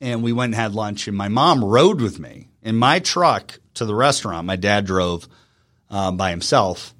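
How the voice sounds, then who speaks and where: A man in his thirties from Virginia, a guest telling an emotional personal story in an earnest, halting way with frequent restarts. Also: lowish voice, expressive, a bit bright. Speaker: interview guest.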